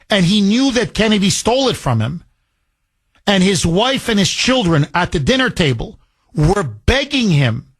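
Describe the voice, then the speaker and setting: A man's voice: high-pitched, slightly rough, dry recording. A man hosting a call-in political talk radio show, talking emphatically with repeated phrases and rambling asides.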